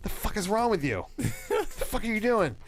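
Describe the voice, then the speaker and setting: A man doing a gruff, angry middle-aged dad. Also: high voice, very animated, moderate pace, music in the background, pitched above the performer's own voice. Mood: stern. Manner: gruff, demanding.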